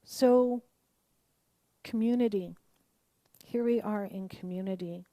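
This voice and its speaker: A middle-aged woman minister giving a conversational, animated sermon and acting out the voices of the people she quotes. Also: medium pitch, takes it slowly, no echo.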